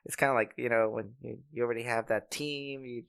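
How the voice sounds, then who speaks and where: A man's voice: medium pitch, fairly even intonation, fairly quick, gravelly, fairly bright tone, clean tone. A man co-hosting a casual podcast, who stammers over his words and laughs often. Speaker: podcast co-host.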